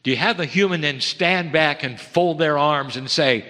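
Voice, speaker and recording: A man giving a slow, earnest channeled spiritual talk, pausing between phrases, recorded in a lecture hall. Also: fairly high pitch, pushed and bright.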